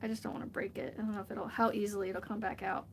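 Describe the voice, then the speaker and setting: A woman's voice: medium pitch, little pitch movement, very fast, slight background noise. A woman chatting casually on a crafting vlog, rambling and often laughing as she works. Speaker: crochet vlogger. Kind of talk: casual livestream chat while crafting.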